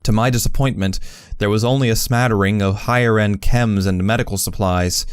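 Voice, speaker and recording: A man narrating a fan fiction audiobook in the first person, measured and reflective. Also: lowish voice, steady tone, clear, resonant tone, dry recording, clean studio sound.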